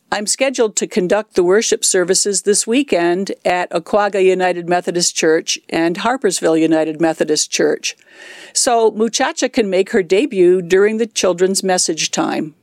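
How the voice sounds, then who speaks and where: A woman in her sixties speaks in a low-set alto, clear and measured as she explains things step by step. Her voice is recorded close and dry, with no room sound around it. The pitch sits in a middling range for a woman. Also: no echo. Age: 60s. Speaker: lay worship leader doing puppet ministry. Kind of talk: instructional talk.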